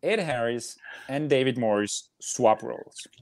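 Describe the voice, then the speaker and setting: A man co-hosting a casual movie chat in a relaxed, joking way. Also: mid-range voice, a little slow. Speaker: co-host of a movie podcast.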